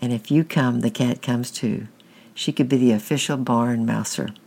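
A man voicing a kind, calm farmer. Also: mid-range voice, normal speed, creaky, breathy edge.

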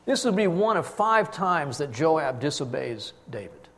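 A man preaching a sermon, telling the story with emphatic swings in loudness. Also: fairly high pitch, sing-song, unhurried.

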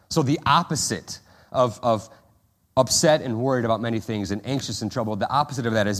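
A man preaching a sermon in a loose, conversational way, sprinkling in asides and restarting his sentences. He acts out quotes with animated emphasis. His voice sits in a middle pitch. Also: normal speed. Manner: animated, acts out prayers and quotes in a higher, louder voice. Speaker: pastor.

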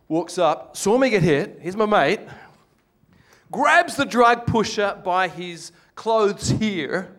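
Older Australian man, slightly high voice, animated storytelling sermon with humor. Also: slow pace. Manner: animated storytelling with jokes, acts out quoted voices. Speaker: preacher.

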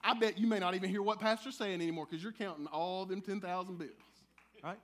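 A male pastor delivering a sermon in a church, animated and conversational, with playful asides to the congregation. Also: sits high, fast talker. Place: church sanctuary.

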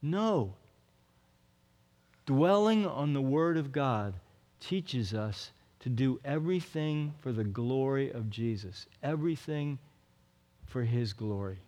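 A man's voice: medium pitch, expressive, slow pace, darkish tone. A male pastor preaching a sermon in an earnest, emphatic way, often repeating his phrases. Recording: long reverb of a large hall.

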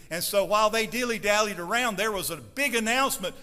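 A man preaching a sermon as pastor in a church, emphatic and building to loud declarations. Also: sits high, expressive, a little fast, hardly any pauses, in a large hall. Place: church sanctuary.

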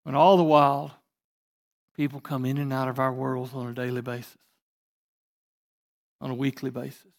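A man preaching a sermon as pastor, swinging between emphatic rising bursts and quiet asides. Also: medium pitch, little pitch movement, moderate pace, gravelly, pauses often. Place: church sanctuary.

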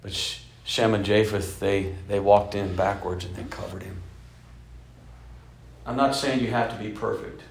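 A man in his fifties preaching a sermon as a bishop, telling stories and swinging between loud emphasis and soft, hushed passages. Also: lowish voice, steady tone, moderate pace, gravelly, roomy sound, slight background noise. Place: church sanctuary.

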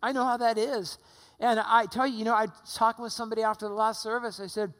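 A man's voice: high voice, little pitch movement, fast, fairly bright tone. A middle-aged man preaching a sermon in a church, conversational, with rhetorical questions, while recovering from pneumonia. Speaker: pastor. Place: church sanctuary. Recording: long hall reverb.

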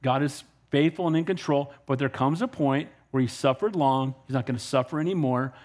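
A man's voice: medium pitch, fairly quick, a little mellow. A male pastor preaching a sermon, emphatic and conversational, asking the congregation "Amen?" and acting out exchanges with unbelievers. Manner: emphatic preaching with rhetorical questions and calls of "Amen?"; conversational, acts out dialogue with people he has spoken to.

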